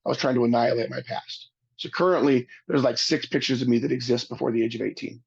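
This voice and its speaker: A man giving a webinar talk, telling a personal story in an earnest, halting way, often restarting his sentences. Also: medium pitch, fairly even intonation, gravelly, slightly rough, dull audio. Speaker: webinar speaker.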